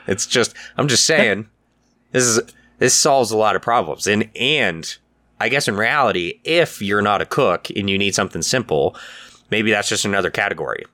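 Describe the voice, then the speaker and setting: A man's voice: on the low side, expressive, moderate pace, pushed and bright. A man co-hosting a podcast in casual chat, laid-back and profane, laughing often. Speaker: podcast co-host.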